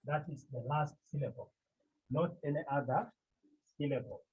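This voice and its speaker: A man from Cameroon teaching a Greek class. He talks slowly and deliberately, repeats the key terms and asks the class questions. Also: fairly high pitch, darkish tone, slightly rough. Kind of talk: classroom lecture. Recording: muffled phone-like classroom recording.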